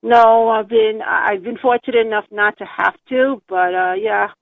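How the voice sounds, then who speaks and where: An older woman with a New York accent calls in to a show and talks in a halting, rambling way. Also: a little high, steady tone, creaky, dry recording. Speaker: caller. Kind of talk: phone-in call. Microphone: telephone. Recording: tinny phone line.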